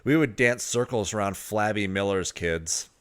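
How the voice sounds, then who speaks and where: A man's voice: lowish voice, moderate pace, a bit bright, smooth. A man co-hosting a podcast, recapping a reality show in casual chat with wry, blunt asides. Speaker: podcast co-host.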